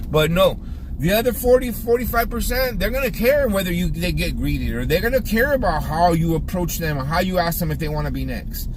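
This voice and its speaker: Barbershop owner, male, Californian accent, high voice, chatty coaching vlog with restarts, faint road noise. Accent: Californian English. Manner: talkative, repeats words, restarts, coaching tone. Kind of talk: casual vlog monologue. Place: driving around town, then in his barbershop.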